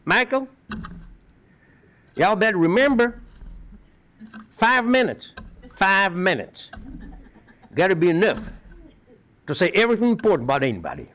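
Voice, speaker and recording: A wry, ancient Southern professor drawls his advice in a high, strained voice, as a man with a Russian accent puts him on. His pitch swoops well above his usual speech. He stretches out his words. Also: very animated, measured pace, long pauses, a bit bright, exaggerated voice. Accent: put-on Southern US over a Russian accent.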